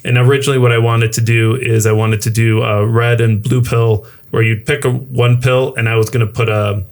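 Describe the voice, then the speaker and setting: A man's voice: mid-range voice, flat delivery, a little fast. A man co-hosting a casual podcast chat, animatedly retelling his own reactions. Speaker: co-host, new media professor.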